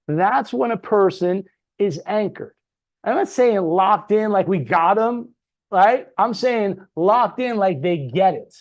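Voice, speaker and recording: A man's voice: sits high, darkish tone. A middle-aged man giving a motivational sales training talk, punchy and full of rhetorical questions, tagging his points with "right?". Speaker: business trainer.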